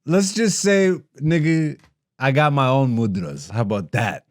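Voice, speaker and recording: A man in his thirties hosting a comedy podcast, ranting with heavy profanity and mockery, dropping to low mutters and rising to loud animated bursts. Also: unhurried. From Ethiopian heritage.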